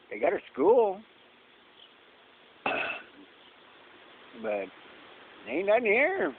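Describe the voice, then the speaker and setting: A man casually narrating a tour of a small town outdoors, in a rambling, folksy, wry way. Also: mid-range voice. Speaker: traveling vlogger. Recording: phone-like audio with light hum.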